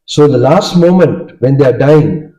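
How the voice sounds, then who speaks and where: Sri Lankan monk teaching, very dark voice. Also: male voice, mid-range voice, lively intonation, measured pace. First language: Sinhala. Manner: checks understanding with frequent "okay?" and "right?". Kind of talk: dharma talk with questions to listeners. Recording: dull lo-fi recording.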